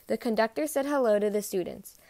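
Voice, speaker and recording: A woman narrating a children's picture book in an even, clear read-aloud style. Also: fairly high pitch, brisk, dry recording.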